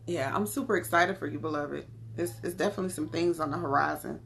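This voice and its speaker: A woman's voice: low voice, quick pace, creaky, a bit bright, a little hiss or hum. A woman with a Southern US accent, chatting casually with viewers on a live stream while reading tarot cards, calling them y'all and beloved. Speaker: tarot card reader.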